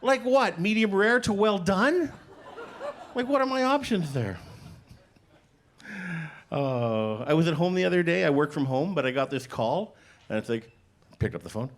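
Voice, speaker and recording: A middle-aged man doing a stand-up comedy set, playful with deadpan punchlines, acting out both sides of conversations on stage. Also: on the high side, normal speed, long pauses. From Canada. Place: comedy stage before a live audience.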